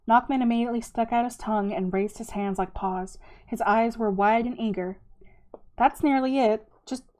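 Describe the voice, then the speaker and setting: Lady reading a kids' book out loud on her channel, easygoing, kinda high voice. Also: steady tone, a little fast. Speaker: channel host reading a novel aloud. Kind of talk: casual read-aloud narration.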